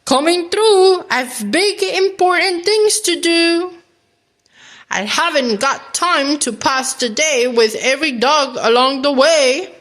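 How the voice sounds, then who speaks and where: A woman's voice: sits high, takes it slowly, fairly bright tone, pitched above the performer's own voice. A woman voicing a big, self-important male dump truck in a children's storybook read-aloud, talking in a bossy, pompous way.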